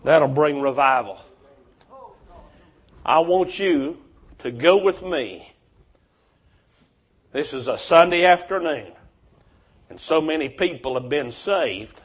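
A man with a notably high voice delivers a revival sermon. He tells stories in a fervent preaching manner, with deep conviction. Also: animated, takes it slowly, long pauses, husky.

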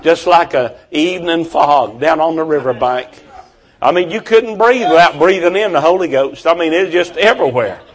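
Fervent high-voiced male preacher. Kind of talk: revival sermon.

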